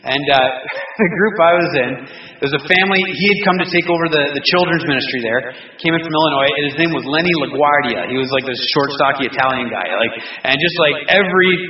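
A man's voice: on the high side, fast talker, crowd noise. A man teaching a casual Bible study to a group of men, rambling with restarts, joking and chuckling as he goes. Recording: roomy distant dull recording with faint noise.

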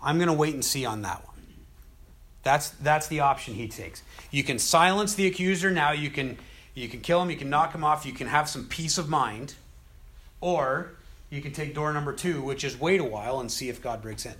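A man leads a relaxed Bible study and retells the stories in his own words. His talk is conversational and lively, and his voice sits a little high for a man. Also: moderate pace. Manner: conversational, animated storytelling. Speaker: Bible teacher. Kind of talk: casual Bible study teaching.

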